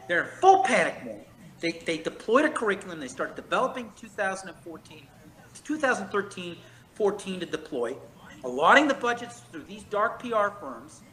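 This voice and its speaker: A man's voice: high voice, sing-song, sharp tone, low-quality recording. A man in a casual chat, telling long stories in a profane, emphatic way. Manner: profane, emphatic, fast storytelling. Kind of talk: casual chat, rambling monologue.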